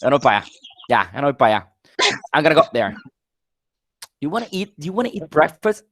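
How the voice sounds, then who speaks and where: A man's voice: a little high, big pitch swings, a bit bright, no room sound. Spanish-native man teaching grammar. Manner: repeats example sentences slowly, asks class questions. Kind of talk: live online class lecture.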